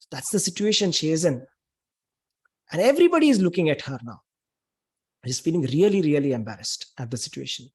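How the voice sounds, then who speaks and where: A man's voice: fairly high pitch, a little mellow, slightly rough. A man giving a spiritual talk, retelling a scripture story in an emphatic, dramatic way with lots of repetition. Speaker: spiritual speaker.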